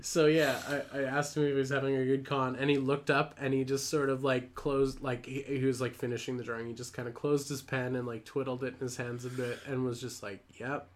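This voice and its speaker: A young man in casual conversation, rambling through an awkward story and laughing at himself. His voice sits at an ordinary middle pitch, loose and self-deprecating. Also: level tone, fairly quick, hardly any pauses. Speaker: podcast co-host.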